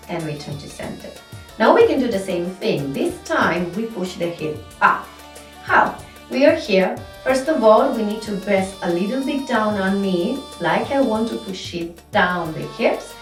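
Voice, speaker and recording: Slow patient woman teaching belly dance. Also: medium pitch, sing-song. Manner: slow, patient step-by-step instruction with counting. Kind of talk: instructional dance lesson. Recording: echoey room, mic at a distance, music behind. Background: music.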